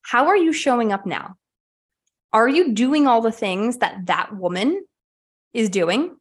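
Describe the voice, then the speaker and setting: Energetic woman hosting a motivational podcast. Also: fairly high pitch, unhurried, slightly rough. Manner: candid, energetic, casually profane. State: sweaty and a bit winded. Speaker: podcast host. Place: at home, puppy in the room.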